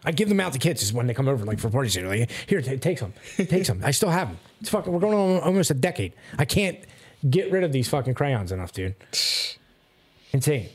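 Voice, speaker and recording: A man's voice: medium pitch, very animated, fast, a little mellow, breathy edge. A young man from South Philadelphia with a Philly accent, telling rambling, profane stories in a casual chat. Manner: profane, rambling storyteller, says "dude" and "like" constantly.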